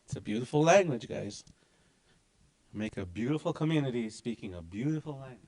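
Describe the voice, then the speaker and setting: A man's voice: medium pitch, animated, fairly quick, a little mellow. A man teaching a language class with lots of energy and emphasis.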